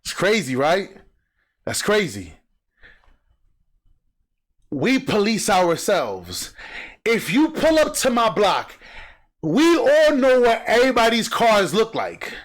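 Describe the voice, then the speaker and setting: A man hosting a reaction video, talking emphatically and acting out sounds and quotes in animated commentary. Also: sits high, takes it slowly, long pauses.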